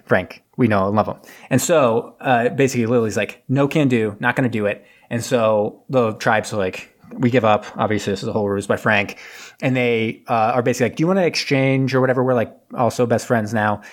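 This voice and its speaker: Male podcast host, casual rambling plot recap, mid pitch, playful character voices. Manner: rambling, acts out characters in quick funny voices. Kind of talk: casual movie recap chat.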